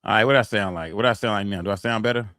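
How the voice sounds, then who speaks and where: A man rattles along at a quick clip in loose, profane slang, circling back over the same phrases as he talks to his live-stream chat. His voice sits at an ordinary pitch and sounds dry and close, with almost no room around it. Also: pushed and bright, clean tone, no echo. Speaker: streamer reacting to court footage. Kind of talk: casual live-stream commentary.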